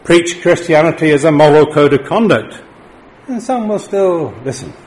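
A middle-aged man preaching a sermon, lifting his voice for emphatic declarations and dropping low and quiet for solemn points. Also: expressive, moderate pace, poor audio.

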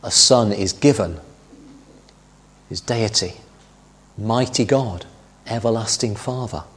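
Middle-aged male preacher, low husky voice, measured sermon delivery with emphatic quotes. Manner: measured Bible teaching, quoting scripture with emphasis.

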